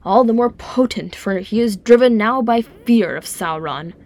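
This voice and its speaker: A woman reading aloud and voicing a grave, wise old male wizard who speaks slowly and solemnly. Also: on the high side, lively intonation, darkish tone. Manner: slow, solemn, weighty.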